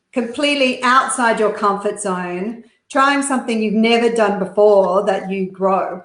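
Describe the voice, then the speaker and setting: A woman with an Australian accent telling stories quickly and animatedly as an interview guest, with plenty of fillers. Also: on the high side. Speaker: guest, business founder. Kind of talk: interview storytelling. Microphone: video call. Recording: roomy echo.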